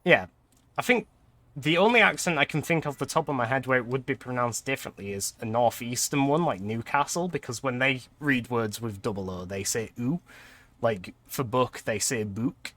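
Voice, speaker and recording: A man's voice: mid-range voice, expressive, moderate pace, a bit bright, no room sound. A young man casually chatting and laughing often while commenting on a game he is playing on stream.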